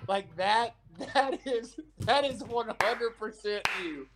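A man's voice: extremely high pitch, slow pace, noisy background. A man chats as a guest on a sports podcast, his voice swinging widely up and down. He laughs a lot and stumbles over repeated starts as he gets going. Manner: animated, laughing, stammering restarts. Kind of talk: casual sports chat.

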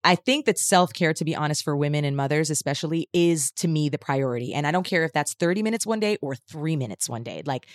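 Low-voiced woman talking things through. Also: fast talker, few pauses, dry recording, clean studio sound. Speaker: podcast co-host, mother of two. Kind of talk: casual podcast chat.

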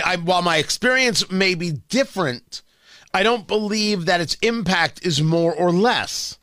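A man's voice: high voice, sharp tone, no echo, clean studio sound. A man hosting a podcast, giving blunt, opinionated political commentary with frequent restarts. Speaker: podcast host.

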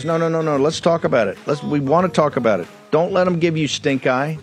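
A man's voice: on the high side, a little fast, soft background music. A man hosting a political talk show, delivering an emphatic monologue with hammering repetition into a studio microphone.

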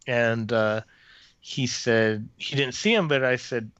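A man's voice: medium pitch, slow pace, a bit bright, dry recording, muffled recording. A man, a former theme park custodial worker, telling a personal ghost story in a casual interview, with many restarts and fillers.

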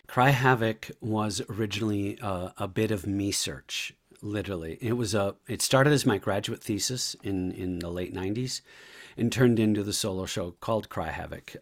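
Man, low voice, passionate interview guest, animated, bursts into quoted verse. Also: normal speed. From United States. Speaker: guest, veteran and actor.

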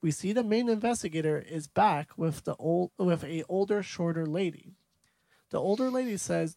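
A man's voice: sits high, expressive, moderate pace, gravelly, mellow, no room sound. A man co-hosting a podcast, casually recapping a movie's scenes from his notes. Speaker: podcast co-host.

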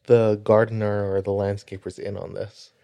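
A podcast co-host, a man, throws in jokes and wry asides while his friend talks. His voice sits low, with a gravelly edge, and the sound is dry. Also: little pitch movement, moderate pace, mellow, no room sound. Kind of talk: casual banter.

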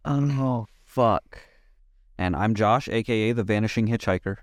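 A man co-hosting a casual podcast, telling stories in a relaxed way and cursing now and then. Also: fairly low pitch, a little slow, dry recording, studio quality. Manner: relaxed storyteller, casual swearing. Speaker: podcast co-host.

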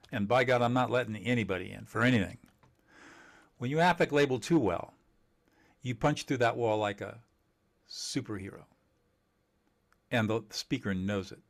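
A man teaching communication skills in an interview, emphatic and animated, laughing often and acting out quoted dialogue. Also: medium pitch. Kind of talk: conversational interview.

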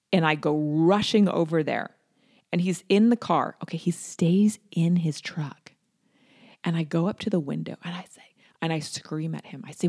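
A woman candidly telling a personal story, with restarts and lively acted-out quotes. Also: fairly low pitch.

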